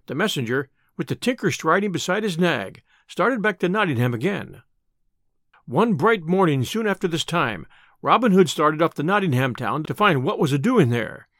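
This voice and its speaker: Animated male storyteller. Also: fairly high pitch, no room sound, clean studio sound. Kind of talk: scripted storybook narration.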